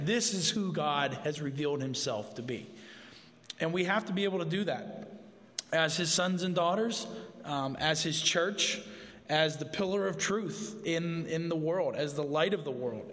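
A man's voice: fairly high pitch, a bit bright. A man preaching a conversational sermon to his church, informal and joking in asides. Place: church sanctuary. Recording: long hall reverb.

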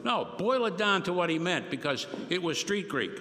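A man's voice: high voice, sing-song, sharp tone. Older male preacher in a reverberant hall. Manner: folksy, joking, slow emphatic stresses. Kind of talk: sermon.

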